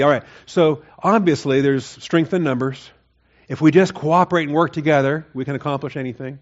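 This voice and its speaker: A man's voice: on the high side, fairly quick, lo-fi sound. A man preaching a Bible sermon in a conversational way, rising to emphatic, mocking quotes of the people. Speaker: pastor. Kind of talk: expository sermon.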